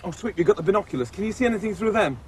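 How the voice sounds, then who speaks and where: A man's voice: high-pitched, lively intonation, very fast, darkish tone, slight background noise, poor audio. A middle-aged man hosting a children's TV puppet show, playful and chatty as he talks to his puppets. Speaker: puppeteer host.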